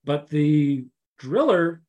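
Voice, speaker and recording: A man's voice: on the high side, very animated, very slow, a little mellow. A middle-aged man, a safety consultant, earnestly telling a story in casual conversation, with many restarts and fillers.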